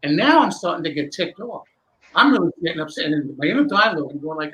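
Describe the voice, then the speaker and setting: Bright-voiced rambling magician storyteller. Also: male voice, fairly high pitch, fast, low-quality recording. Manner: animated, rambling storyteller with many restarts. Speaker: magician guest. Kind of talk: candid storytelling interview.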